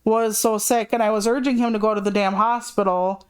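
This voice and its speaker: A woman's voice: medium pitch, steady tone, brisk, clear, resonant tone. A woman streamer in casual livestream chat, rambling and frank, swearing freely as she talks.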